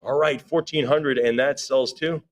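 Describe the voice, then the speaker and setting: A man's voice: medium pitch, fairly even intonation. A man working as auctioneer at a live sale, rattling off rising bids in a rhythmic chant and breaking off for chatty asides. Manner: rapid rhythmic bid calling with chatty asides.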